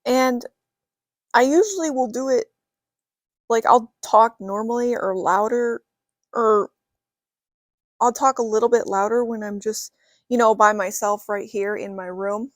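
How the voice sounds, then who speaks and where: A woman's voice: a little high, a little slow, long pauses, no echo. A young woman talking casually to camera from her bedroom, rambling with many "you know" fillers. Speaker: vlogger. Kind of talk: casual vlog talk to camera.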